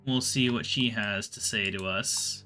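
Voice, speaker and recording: A man giving relaxed, rambling commentary while playing a game, often muttering to himself. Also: on the low side, unhurried, faint music behind. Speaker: gaming video host. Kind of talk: casual gameplay commentary.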